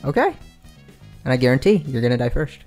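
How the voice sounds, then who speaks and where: Male podcast host, mid pitch, teasing braggy banter. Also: sing-song, a little fast, a little mellow, faint music behind. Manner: teasing, boastful. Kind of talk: casual chat.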